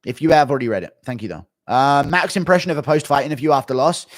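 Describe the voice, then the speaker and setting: A man on a casual live stream, jokey and offhand as he reads donations aloud. His pitch sits mid-range but jumps around a lot. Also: lively intonation, quick pace, no room sound, studio quality.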